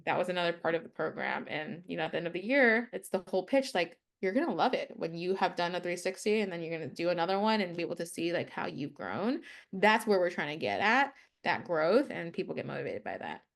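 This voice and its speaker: A woman's voice: on the low side, animated, quick pace, creaky. A young adult woman, an interview guest who works in people leadership, speaks casually and fills her talk with "like.". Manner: talkative, leans on "like" as a filler.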